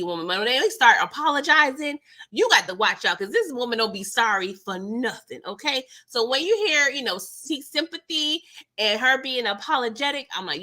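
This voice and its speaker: Animated, bright-voiced woman recapping a show. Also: fairly high pitch. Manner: animated, slangy, acts out characters' lines. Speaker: TV recap host. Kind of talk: casual livestream recap chat.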